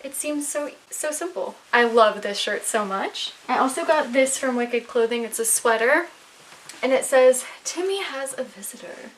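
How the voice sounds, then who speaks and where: A young adult woman showing off her recent purchases in a casual vlog at home, chatty and excitable, a little out of breath. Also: fairly high pitch, measured pace, slight background noise. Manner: chatty, excitable, rambling with fillers. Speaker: vlogger. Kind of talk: casual show-and-tell haul video. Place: home, indoors.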